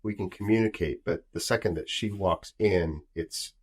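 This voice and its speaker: A man with a very low voice hosts a relaxed podcast chat. He talks earnestly and circles back on himself as he explains his thinking. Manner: earnest, restarts and hedges, explains slowly. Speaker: podcast host. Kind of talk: casual podcast conversation.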